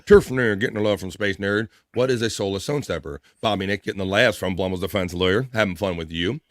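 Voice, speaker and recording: A man's voice: lowish voice, fast, fairly bright tone. A man hosting a casual live stream, reading viewer comments aloud and laughing often. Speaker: livestream host.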